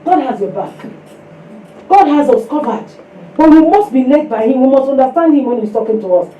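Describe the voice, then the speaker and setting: A woman preaching a sermon to a women's fellowship, telling a personal testimony in an animated way and acting out the voices of the people in it. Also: sits high, fairly quick, narrow, tinny audio, slight background noise. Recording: echoey room, distant mic.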